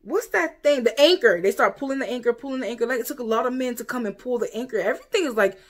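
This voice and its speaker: A young woman from the United States telling a story to camera in a casual, animated way, acting out what other people said. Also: a little high, fast talker. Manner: animated, quotes people in exaggerated voices. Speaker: vlogger.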